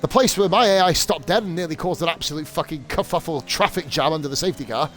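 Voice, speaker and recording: A man's voice: fairly high pitch, quick pace, fairly bright tone, faint music behind. A young adult man from the UK, commentating a sim racing league on a live stream in a sweary, rambling, jokey way.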